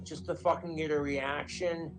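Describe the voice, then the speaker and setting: A man speaking slowly in a casual monologue from a stream clip. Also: a little high, little pitch movement, music in the background.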